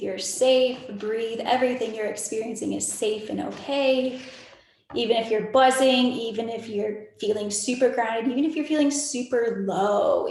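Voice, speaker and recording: A woman in her twenties leading a guided meditation on a video call, talking in a soft, soothing, repetitive way with casual filler words. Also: fairly high pitch, moderate pace, heavy reverb. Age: 20s. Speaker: spiritual meditation leader. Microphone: video call microphone.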